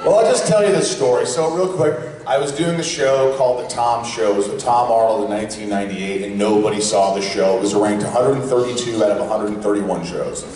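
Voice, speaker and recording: Hoarse man telling stories in echoey hall. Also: fairly low pitch, fairly quick, few pauses, a crowd in the background. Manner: joking, loud bursts of impressions. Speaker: actor on a convention panel. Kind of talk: animated storytelling to a fan audience. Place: large convention hall. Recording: distant, echoey convention hall.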